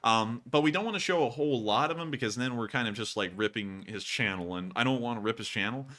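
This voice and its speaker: Sarcastic male host, bright ringing voice, animated reactions. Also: mid-range voice, quick pace. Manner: sarcastic, animated, mocking voices when reading. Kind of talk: casual chat reading reviews and super chats.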